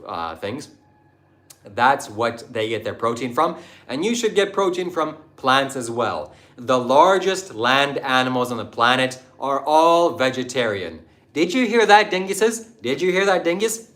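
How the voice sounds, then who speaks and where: A livestream host answers his chat, reading comments aloud and lecturing in a preachy, combative manner while ridiculing anyone who disagrees. He speaks at medium pitch with a slightly bright tone.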